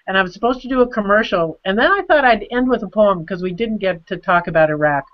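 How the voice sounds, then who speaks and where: An older woman, a nun and author, talking earnestly on a video call and reading her poetry slowly. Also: medium pitch, lively intonation. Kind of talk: video call book discussion. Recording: dull lo-fi video call audio.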